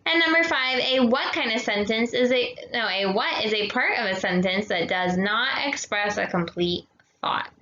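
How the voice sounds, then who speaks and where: A young woman teaching children grammar in a patient, slow teacher voice, slipping in Spanish words and asking "okay?" again and again. Her voice is fairly high and bright, and it sounds dull and roomy, with a strong echo. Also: lively intonation. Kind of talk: recorded grammar lesson for kids. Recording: echoey dull room sound.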